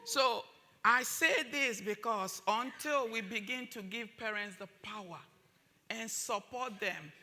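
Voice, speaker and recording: A woman's voice: on the high side, bright, forceful tone. A woman giving an impassioned talk at a summit, driving points home by repeating phrases. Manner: emphatic, repeats phrases for force. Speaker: summit speaker.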